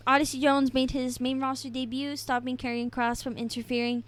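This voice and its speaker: A woman's voice: sits high, little pitch movement, a little fast. A young woman co-hosting a podcast, recapping the week casually, chatty and giggly with plenty of ums. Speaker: podcast co-host. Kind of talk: casual wrestling recap chat.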